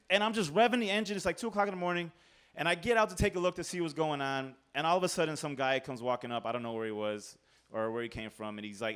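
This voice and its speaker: Animated, swearing man telling a drunk story. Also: sits high, clean tone. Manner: animated, profane, laughing at himself. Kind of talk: live comedic storytelling. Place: Chicago storytelling stage.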